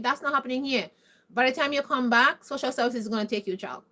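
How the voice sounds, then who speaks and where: High-voiced woman. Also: fast, sharp tone. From Caribbean. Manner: emphatic, preachy, repeated rhetorical questions. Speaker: vlogger. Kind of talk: opinionated monologue to camera.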